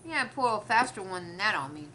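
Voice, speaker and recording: A young woman vlogger chats straight to camera, animated and a little indignant, and she acts out the other people's lines in the story. Her voice is bright and forceful. A faint hum sits behind her. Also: mid-range voice, quick pace. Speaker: mukbang vlogger. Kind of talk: casual storytelling to viewers.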